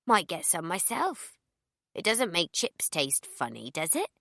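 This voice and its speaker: A woman voicing a chatty, nosy elderly woman neighbour who talks slowly and fussily, rising to shrill cries when hurt. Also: big pitch swings, vocal fry, pushed and bright, dry recording, clean studio sound, exaggerated voice. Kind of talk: audiobook character voice.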